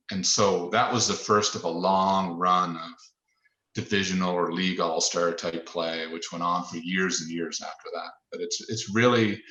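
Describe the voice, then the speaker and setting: A man in his fifties from Nova Scotia, once a pro football lineman, talks through old memories on a podcast. His voice sits very low, and he circles back over his words with fillers and false starts. The sound is roomy, with a noticeable echo. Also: fairly bright tone. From Nova Scotia, Canada. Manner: rambling, many restarts and fillers, plain-spoken. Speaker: former pro football player, podcast guest. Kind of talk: reflective storytelling in a podcast interview.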